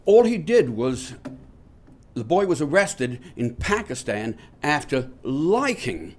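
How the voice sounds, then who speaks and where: A man hosting a talk show, speaking to viewers in a halting, unscripted monologue full of fillers with wry, sardonic asides. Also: mid-range voice, darkish tone. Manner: halting, many fillers and restarts. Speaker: host of a nonbeliever talk show.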